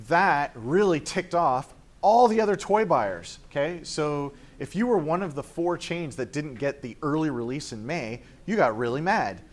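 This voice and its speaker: Chatty man lecturing a class. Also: mid-range voice. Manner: chatty, filler-heavy, acts out quoted reactions. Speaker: teacher.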